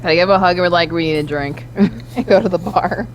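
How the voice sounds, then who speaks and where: A woman's voice: fairly low pitch, fairly quick, low-quality recording. A woman playing a tabletop game, chatting playfully and laughing, over a faint hum. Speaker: player. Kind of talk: casual chat in a tabletop game.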